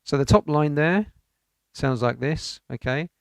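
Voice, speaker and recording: A man's voice: fairly high pitch, unhurried, creaky. A man teaching an online piano lesson, encouraging and counting rhythms aloud. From United Kingdom.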